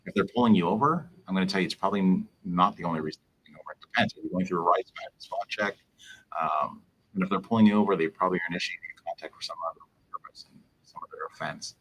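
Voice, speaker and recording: A man, a police officer, hosting a casual livestream Q&A, talking in a rambling, halting way full of fillers. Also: low-pitched, fairly bright tone, a little hiss or hum, low-quality recording.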